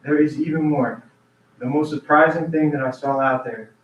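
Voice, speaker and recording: A man's voice: a little high, steady tone, moderate pace. Guy pleading at a town meeting, urgent, kinda far off the mic, echoey and muffled. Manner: repeats himself and restarts sentences. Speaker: resident giving public comment. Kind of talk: public comment at a council meeting. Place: council meeting room. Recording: roomy, distant, dull meeting-room audio.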